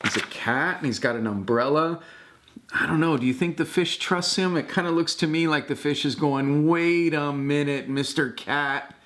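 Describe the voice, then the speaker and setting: An older man, a grandfather, reading a picture book aloud to a child in a gentle, affectionate way, exclaiming and pointing out the pictures. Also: fairly high pitch, normal speed.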